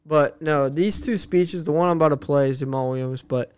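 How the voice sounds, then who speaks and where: A young man co-hosting a podcast, talking in an excitable, rambling way full of "like". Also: on the high side, brisk, smooth. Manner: excitable, rambling, heavy use of "like". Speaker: podcast co-host. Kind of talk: casual chat.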